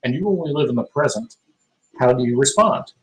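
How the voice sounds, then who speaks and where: A man in a casual argument, asking measured, probing questions. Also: medium pitch, animated, poor audio.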